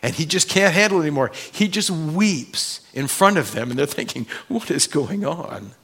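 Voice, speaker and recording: A male pastor preaching a sermon in a church, swinging between loud emphasis and hushed tones. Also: a little high, animated, fairly quick. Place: church sanctuary.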